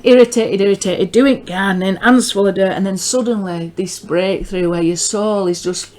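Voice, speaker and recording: A woman's voice: medium pitch, normal speed. A woman with a northern English accent giving an informal spoken religious teaching, rambling and earnest, often repeating words and restarting her sentences. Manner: earnest, grows excited.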